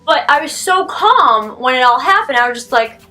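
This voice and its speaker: Teen girl vlogging a storytime, high bright voice, says like a lot, faint music under it. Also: moderate pace. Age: teens. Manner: animated, rambling, heavy use of "like". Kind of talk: casual storytime vlog.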